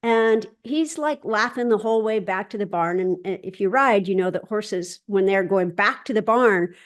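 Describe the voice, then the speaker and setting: Woman telling a lively story over video call. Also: mid-range voice, normal speed. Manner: lively, quotes others in dialogue, frequent restarts. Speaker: host of a spiritual gathering. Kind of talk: casual personal storytelling.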